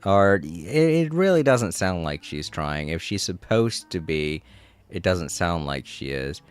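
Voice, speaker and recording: A man's voice: low voice, expressive, measured pace, clear, resonant tone. A man streaming a video game, giving casual, rambling commentary and laughing often.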